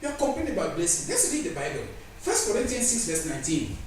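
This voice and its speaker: A man's voice: sits high, wildly swooping pitch, fast, slight background noise. A man preaching a sermon with emphatic, repeated phrases. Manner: emphatic, repeats phrases, voices God and the Spirit in quotes. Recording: echoey room from far off with faint ambience.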